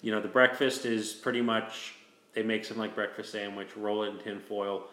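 Male host, low-leaning voice, easygoing rambling storyteller, recorded in a reverberant room. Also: little pitch movement, normal speed, a bit bright. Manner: rambling, with many restarts and "you know". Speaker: host telling a hunting story. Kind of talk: casual storytelling chat.

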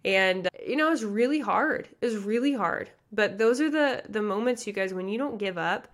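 A woman's voice: mid-range voice, lively intonation. Brief: woman, 30s, from the Midwest, podcast host, fervent motivational talk. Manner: passionate, fast, chatty with many likes and you guys. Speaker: pageant coach and podcast host.

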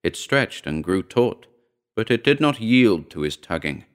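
Deep-voiced male story narrator. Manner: steady, measured reading.

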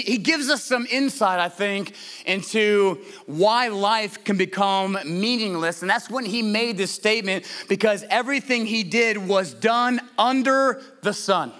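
A man preaching a sermon in a high, bright voice. He is earnest and doubles back on his words to press a point home, often repeating the start of a phrase. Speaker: pastor.

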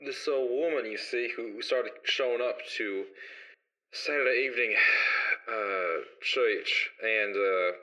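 A man voicing a slow, halting Texan man who tells a rambling story and keeps pausing with "uh". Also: medium pitch, rough recording. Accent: put-on Texan. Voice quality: halting, full of "uh"s, hushed. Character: drawling Texan man spinning a rambling tale.

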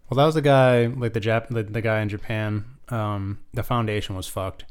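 Smooth-voiced rambling male co-host. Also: on the low side, fairly even intonation, normal speed. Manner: rambling, many restarts and fillers. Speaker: podcast co-host. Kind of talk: casual chat.

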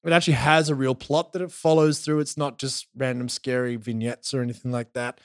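A man's voice: mid-range voice, fairly quick, no echo, clean studio sound. A man from Australia casually recapping a show as podcast co-host, telling it with energy and swearing. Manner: animated storytelling with swearing.

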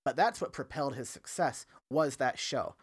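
A man's voice: medium pitch, moderate pace, husky. A man who works as a stand-up comedian, a guest on a podcast, talking earnestly in a rambling, tired way with lots of fillers and restarts. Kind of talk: casual podcast chat.

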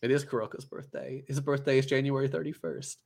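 A man's voice: mid-range voice, level tone, fairly quick, gravelly, a little mellow. A man co-hosting a podcast, casually recapping an anime in a rambling way, with lots of "like" and "uh" and frequent restarts. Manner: rambling retelling, filler-heavy, many restarts. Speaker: podcast co-host.

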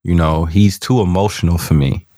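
A man with a very low voice trades blunt, unhurried opinions with a friend. The recording is close and completely dry, with no echo. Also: fairly even intonation, mellow. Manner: laid-back, blunt opinions. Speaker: podcast co-host. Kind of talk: casual chat.

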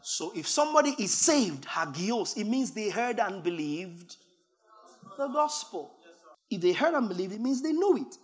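A man preaching a sermon, reading scripture aloud and building from calm teaching to emphatic shouting. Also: sits high, moderate pace.

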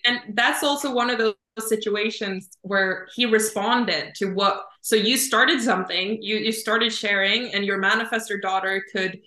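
A woman coach speaks with a bright, forceful tone, explaining her ideas through simple images in a relaxed, chatty way. Her voice rings in a roomy, echoey space. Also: medium pitch, moderate pace, few pauses. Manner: thoughtful, explains with images, says "kind of" and "like" often. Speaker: Human Design reader and coach, guest. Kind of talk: casual explanatory chat.

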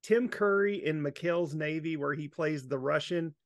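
A man contributing to a casual podcast segment, enthusiastic and halting, with frequent restarts. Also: on the high side, no room sound, clean studio sound. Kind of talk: casual chat.

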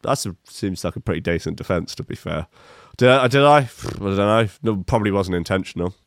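A man's voice: low-pitched, brisk, no room sound, studio quality. A man in his fifties reading odd news stories and adding wry, rambling comic asides, with many fillers. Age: 50s. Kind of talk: casual comic news commentary.

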